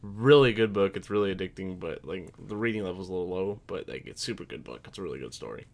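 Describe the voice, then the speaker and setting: A man's voice: deep voice, lively intonation, quick pace, vocal fry. A man in his twenties co-hosting a casual podcast chat, loose and blunt with lots of "like". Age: 20s. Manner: loose and blunt, peppered with 'like'. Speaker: podcast co-host.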